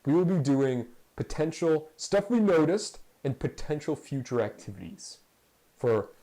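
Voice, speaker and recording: Lively, rambling podcast host, male. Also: fairly high pitch, a little slow, poor audio. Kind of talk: casual fan chat.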